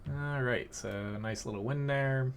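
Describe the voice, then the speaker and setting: A man's voice: mid-range voice, unhurried, vocal fry, slight background noise. A man casually commentating his own live gameplay and chatting to viewers, thinking aloud with fillers and short chuckles. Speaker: game streamer.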